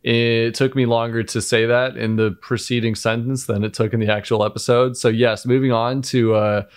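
Male co-host, relaxed recap talk, measured and wry delivery, mid-pitched voice. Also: clean tone. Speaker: podcast co-host. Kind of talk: casual recap chat.

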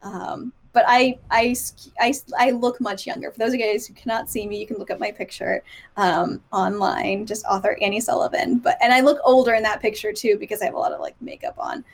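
A woman's voice: mid-range voice, fairly quick, creaky. A woman in her thirties, a guest author, chatting casually and acting out the voices of people in her stories, often laughing. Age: 30s. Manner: chatty, giggly, acts out quoted voices. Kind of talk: casual podcast chat.

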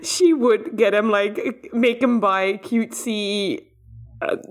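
A woman's voice: medium pitch, fairly even intonation, takes it slowly. A woman in a casual podcast chat, recapping a cartoon episode in a playful, teasing way.

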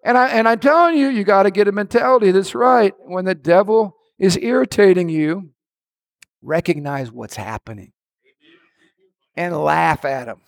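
A middle-aged male pastor preaching a sermon, swinging between shouted lines and hushed asides. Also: sits high, very animated, normal speed, gravelly.

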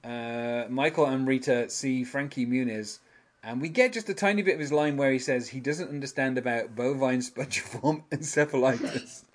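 A man's voice: medium pitch, moderate pace. A man hosting a casual podcast, rambling through an episode recap with many fillers and frequent chuckles. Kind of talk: casual chat.

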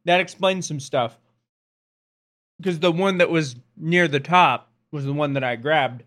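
A podcast co-host in a casual snack-tasting chat, talkative, agreeable and quick to laugh, with many fillers. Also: mid-range voice, fairly bright tone.

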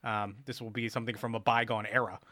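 A man's voice: lowish voice, little pitch movement, fast, sharp tone, dry recording. A man chatting casually, telling rambling stories with mock outrage. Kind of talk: casual chat.

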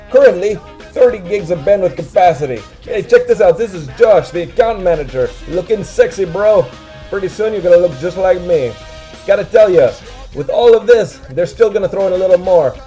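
A man doing a brash action-star pitchman. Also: warm tone. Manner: hyped, boastful pitchman delivery. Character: brash male action-star impression hawking a web host. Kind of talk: comic mock advertisement.

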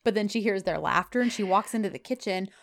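A woman's voice: mid-range voice, fast talker, creaky. Giggly woman retelling a show. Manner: giggly, animated storyteller. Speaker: co-host recapping a TV series. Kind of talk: casual chat.

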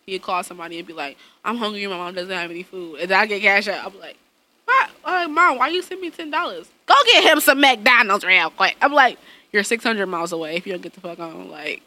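Animated, bright-voiced woman telling stories. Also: mid-range voice, a little fast. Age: adult, parent of a young son. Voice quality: profane, blunt humor. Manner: animated storytelling, laughs often, acts out quotes. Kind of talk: casual chat.

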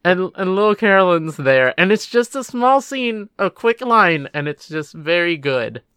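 Bright clear guy gushing about a movie, dry close mic. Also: high-pitched, very animated, measured pace, dry recording. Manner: enthusiastic, emotional, laughs easily. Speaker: podcast co-host. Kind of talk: casual chat about a film.

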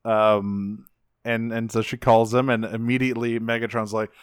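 A man's voice: medium pitch, little pitch movement, unhurried, smooth, no echo, clean studio sound. A man co-hosting a podcast, casually recapping a cartoon episode and acting out quotes with a laugh. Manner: laughs often, acts out quotes. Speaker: podcast co-host.

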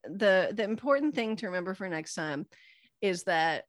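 A woman co-hosting a casual podcast, gently guiding the talk with reminders. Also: mid-range voice, animated, normal speed, no room sound, clean studio sound. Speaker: podcast co-host. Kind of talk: casual chat.

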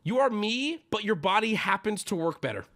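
Brief: male streamer, 30s, higher voice, big pitch swings, loud exasperated rants. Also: sing-song, moderate pace. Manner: loud, exasperated ranting, mocking whiny voices. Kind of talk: ranting stream chat.

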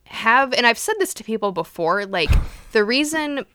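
A woman co-hosting a podcast in casual chat, an animated storyteller who swears freely. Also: fairly high pitch, moderate pace, no echo. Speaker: podcast co-host.

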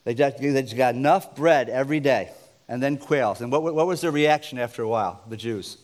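A man's voice: mid-range voice, normal speed, darkish tone. A man from the United States preaching an informal sermon, conversational and joking, with asides to his listeners.

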